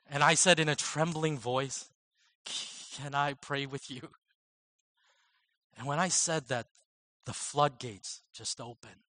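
A man giving a storytelling sermon as a guest speaker and physician, mixing personal anecdotes and self-deprecating laughs, moving from animated passages to very soft, slow ones. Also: medium pitch, dry recording. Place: church service.

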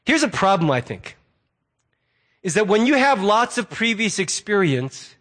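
A middle-aged man preaching a sermon as a pastor, conversational and animated, acting out quoted remarks as asides. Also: sits high, unhurried.

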